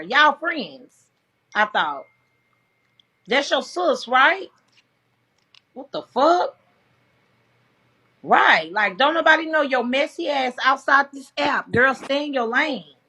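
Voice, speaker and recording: Woman livestreamer, high-pitched, bright sharp tone, slow drawn-out delivery, profane and heated. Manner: loud, profane and heated, addressing viewers. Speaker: livestream host. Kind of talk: casual livestream commentary.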